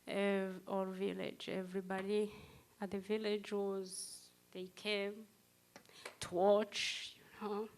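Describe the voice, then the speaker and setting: A middle-aged woman giving a personal testimony at a commemoration, speaking in short, halting phrases. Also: mid-range voice, completely flat delivery. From Rwanda.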